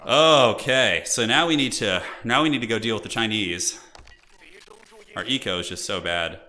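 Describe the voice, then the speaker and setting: A man's voice: fairly low pitch, moderate pace, bright, forceful tone. A young man streaming a strategy game, chatting casually and thinking aloud as he plays. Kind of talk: casual gameplay commentary.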